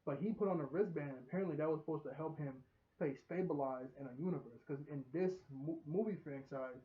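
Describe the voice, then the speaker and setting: A man giving casual, excitable commentary on a movie trailer, laughing often and repeating himself. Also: a little high, phone-quality sound.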